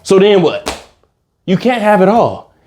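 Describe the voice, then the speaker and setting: Guy ranting away on a reaction vid, voice sits kinda high and jumps all over, swears a lot. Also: measured pace, slight background noise. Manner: animated, ranting, slangy and profane. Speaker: reaction commentator. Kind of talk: comedic reaction rant.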